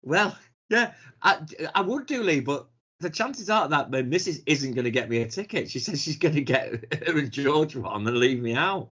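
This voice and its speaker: A middle-aged man with a Manchester accent, chatting casually on a podcast, sweary and animated, laughing often. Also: fairly high pitch, normal speed, breathy edge, highs cut off. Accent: Mancunian. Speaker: podcast co-host. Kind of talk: casual chat.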